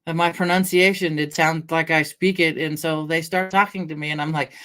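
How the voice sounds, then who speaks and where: A woman's voice: sits low, steady tone, a little fast, hardly any pauses, a bit bright. A middle-aged woman from Washington State chatting casually on a livestream, rambling through stories, laughing often and greeting viewers by name. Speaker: livestream host. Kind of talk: casual chat with live chat readers.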